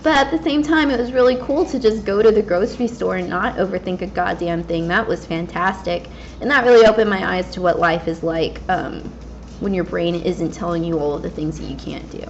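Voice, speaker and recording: Talking a little fast in a lowish voice, a woman in her twenties who vlogs games rambles casually and candidly during play, using many fillers. A slightly dull lo-fi mic picks her up, along with faint background hiss.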